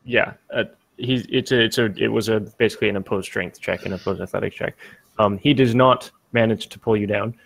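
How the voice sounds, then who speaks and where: A man's voice: on the low side, fairly even intonation, brisk, gravelly, a bit bright, no room sound, low-quality recording. A man narrating a tabletop game as game master, rambling with fillers and restarts.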